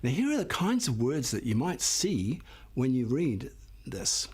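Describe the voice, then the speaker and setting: An older man gives a phonics lesson with a slightly husky voice, drawing out each word slowly for young learners. His pitch rises and falls in a lively, encouraging way. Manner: patient, encouraging, sounds out words one by one. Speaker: phonics teacher. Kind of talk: slow classroom phonics lesson.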